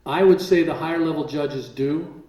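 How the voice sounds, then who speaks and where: Animated man telling stories in an echoey room. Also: fairly high pitch, normal speed. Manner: animated, acts out quotes, laughs while telling. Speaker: seminar speaker. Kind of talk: storytelling to a live audience. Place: large room with a live audience. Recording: roomy echo, distant mic.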